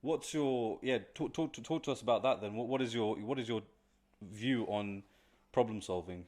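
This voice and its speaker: A man's voice: medium pitch, normal speed, a little mellow. A man hosting a podcast, asking questions and murmuring agreement as he listens. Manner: attentive, frequent murmured agreement. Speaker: podcast host. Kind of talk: interviewing.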